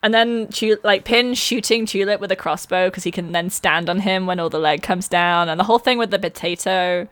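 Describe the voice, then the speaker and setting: A woman's voice: medium pitch, brisk, few pauses, fairly bright tone, no echo. A woman co-hosting a casual book-discussion podcast who is enthusiastic, swears casually and laughs a lot.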